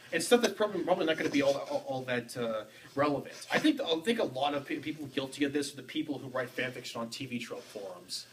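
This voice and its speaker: A young man co-hosting a casual podcast, animated and jokey. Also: medium pitch. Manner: animated, jokey, breaks into silly voices. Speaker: podcast co-host. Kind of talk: casual chat. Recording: distant mic with some background noise.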